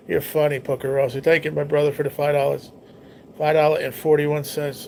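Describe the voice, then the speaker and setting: A man's voice: a little high, little pitch movement, a little fast, creaky, darkish tone, a little hiss or hum. A man hosting a casual livestream, chatting in a rambling way and reacting to viewers' messages. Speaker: livestream host reading chat. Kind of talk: casual chat.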